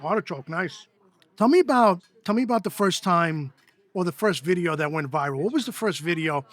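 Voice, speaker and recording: A man's voice: high-pitched, animated, brisk, dry recording. A man, a producer, interviewing a guest in a chatty way, asking leading questions and agreeing often. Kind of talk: casual interview chat.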